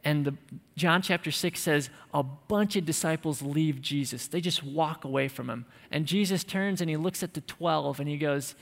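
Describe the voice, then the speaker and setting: A man's voice: a little high, normal speed, gravelly, a bit bright. Male preacher in a reverberant hall. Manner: emphatic, conversational, with light humor. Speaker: pastor. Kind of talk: sermon.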